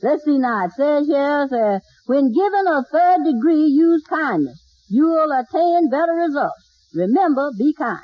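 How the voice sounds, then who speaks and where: Woman voicing a devoted fussy maid, high lively voice, dry close sound, muffled 1940s broadcast. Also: measured pace, dry recording. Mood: fussing. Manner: calls everyone honey, excitable. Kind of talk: 1940s radio sitcom acting. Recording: dull dry 1940s radio recording.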